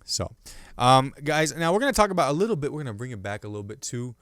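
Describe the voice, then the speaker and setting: A man's voice: medium pitch, lively intonation, fast talker, no room sound, studio quality. Playful man riffing on a podcast. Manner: playful, self-mocking, jumping from hushed asides to loud bursts. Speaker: podcast host and stand-up comedian. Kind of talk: loose comedic riffing on the news.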